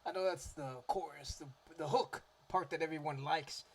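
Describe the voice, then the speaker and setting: A man's voice: on the high side, moderate pace, gravelly. Chatty man rambling into a mic. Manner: rambling, relaxed, many fillers and restarts. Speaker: music vlogger. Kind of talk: casual chat about favourite cover songs. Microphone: desktop microphone.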